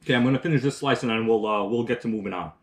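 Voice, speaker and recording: A man's voice: medium pitch, rapid-fire. A man hosting a casual live stream, chatting while eating and reading viewer comments aloud, rambling with restarts. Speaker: livestream host.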